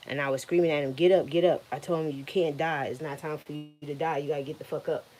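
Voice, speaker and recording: A woman retelling a frightening hospital moment in a blunt, profane, animated way. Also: low voice, fast, faint music behind. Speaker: guest telling her story. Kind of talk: emotional personal storytelling.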